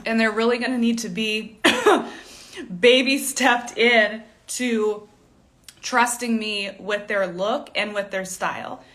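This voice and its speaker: A woman's voice: fairly high pitch, fairly even intonation, slow, fairly bright tone. A young woman, a fashion stylist, giving casual live coaching, chatty and candid, with a tickle in her throat that keeps making her cough. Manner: chatty and candid, with frequent laughs and "like" fillers. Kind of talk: casual livestream teaching.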